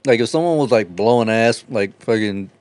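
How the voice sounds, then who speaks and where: A man's voice: fairly low pitch, animated, normal speed, a little mellow, no room sound. A young man in casual podcast chat, telling profane, rambling stories and laughing through them.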